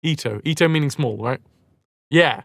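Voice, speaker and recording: A man's voice: fairly high pitch, normal speed, gravelly, fairly bright tone, no echo. A man live-streaming a game, chatting casually with viewers in a rambling, self-mocking way and swearing freely.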